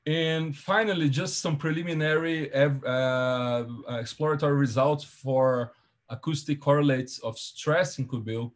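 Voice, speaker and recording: A man giving an academic seminar presentation over a video call, walking through his slides step by step in a measured, explanatory way. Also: fairly high pitch.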